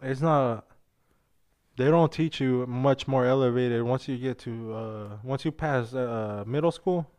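A young man with a smooth, resonant voice chats loosely as a podcast co-host. He rambles through anecdotes full of slang and swearing, calling everyone "bro." His pitch sits in a middling register. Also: a little slow, a little mellow. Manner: slangy and profane, peppers speech with "bro" and "dude". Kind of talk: casual chat, storytelling.

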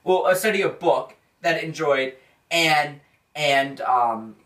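Young male podcast co-host, animated storyteller, echoey off-mic room sound. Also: on the high side, slow pace, far from the mic. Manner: rambling, animated, laughs through story. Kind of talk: casual storytelling chat.

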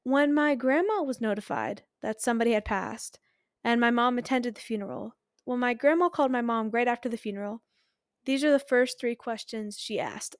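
A woman in her twenties hosts a casual solo podcast. She is candid and pokes fun at herself, laughing often. Her voice sits fairly high and sounds dry and close. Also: normal speed, dry recording. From Philadelphia. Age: 20s. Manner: chatty, candid and self-mocking, laughs often. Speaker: podcast host.

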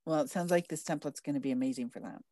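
A woman's voice: low voice, fast talker, mellow, dry recording. Bubbly gushing woman podcast host. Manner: bubbly and gushing, laughs often. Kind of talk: casual interview chat.

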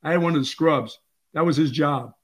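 An older man co-hosting a sports talk show, telling lively stories and acting out quotes. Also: on the high side, fairly quick, slightly rough. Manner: animated storyteller, acts out quotes. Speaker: sports radio co-host.

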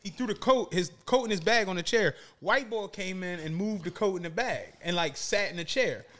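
A man with a Philadelphia accent, hosting a podcast and telling animated, laughing stories in casual chat. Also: high voice, normal speed. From Southwest Philadelphia.

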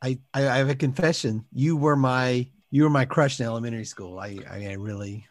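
A man's voice: mid-range voice, a little fast, no echo. Eager gushing man improvising, dry sound. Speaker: improv comedian. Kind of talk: improvised comedy scene.

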